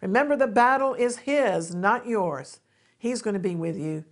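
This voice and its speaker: A woman's voice: medium pitch, expressive, moderate pace. A woman hosting a Christian television ministry, giving an earnest devotional teaching and appeal to viewers. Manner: earnest, exhorting, with emphatic rises.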